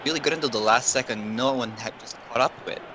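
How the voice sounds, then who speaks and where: Man, color commentator, relaxed chatty analysis, mid-pitched voice, clear background noise. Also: fast talker. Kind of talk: casual esports co-commentary.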